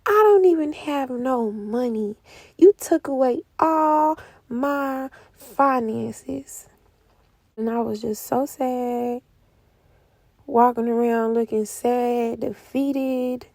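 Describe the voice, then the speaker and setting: A young woman giving an emotional spoken testimony, moving between hushed whispers and loud outcries. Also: high-pitched, dry recording. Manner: speaks slowly with heavy pauses. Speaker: prophetic speaker. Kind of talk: testimony sermon.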